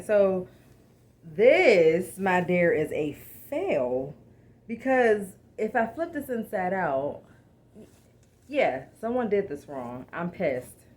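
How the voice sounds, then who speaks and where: A woman vlogger unboxing a clothing haul in casual chat, expressive and exasperated, calling out to viewers as y'all. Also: on the low side, a little hiss or hum.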